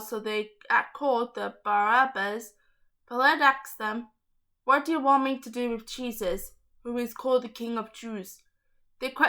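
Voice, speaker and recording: A woman's voice: a little high, sharp tone. A young woman reading a Bible story aloud, stumbling over hard names and adding chatty asides.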